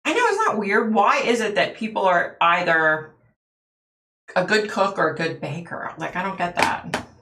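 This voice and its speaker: A woman's voice: medium pitch, lively intonation, normal speed, pushed and bright. Chatty woman in an echoey room. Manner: chatty storyteller, laughs often, answers the chat. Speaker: livestream host. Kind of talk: casual chat with viewers.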